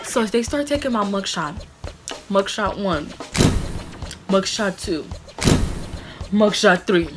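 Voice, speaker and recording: A young woman telling a personal story in a casual storytime vlog, animated and rambling, with lots of fillers and laughs. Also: mid-range voice, takes it slowly, long pauses, heavy background noise. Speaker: vlogger.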